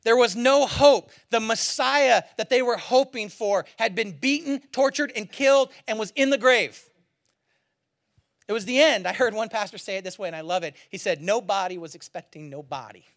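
A pastor giving a sermon as an animated, colloquial storyteller who laughs often. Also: mid-range voice, moderate pace, gravelly.

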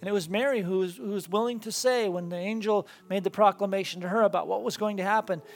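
A woman pastor with a quick, mid-range voice preaches to a congregation in a church sanctuary. Her sermon is earnest and builds through rhythmic repetition.

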